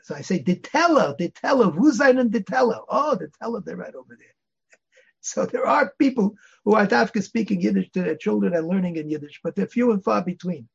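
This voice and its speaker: An older male rabbi lectures in a gravelly, husky voice, pitched a bit above most men. He tells stories and drops Yiddish and Hebrew words into his English. The recording is dull and lo-fi. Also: lively intonation, a little fast. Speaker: rabbi teaching a class. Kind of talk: Torah lecture with anecdotes.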